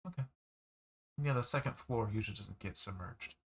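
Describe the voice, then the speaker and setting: A man narrating and hosting as game master of a tabletop role-playing game, wry and relaxed. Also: lowish voice, a little fast, slightly rough.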